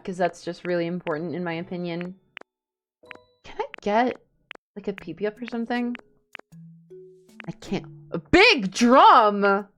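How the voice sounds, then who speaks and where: A woman streaming a game live, chatting casually, excitable and a little shy in her asides. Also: lowish voice.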